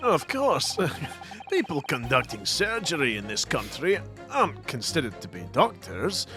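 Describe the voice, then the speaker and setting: A man's voice: a little high, big pitch swings, unhurried, music in the background, pitched below the performer's own voice. A man voicing a bumbling male surgeon with a Scottish accent, talking in a hesitant, sheepish, stammering way.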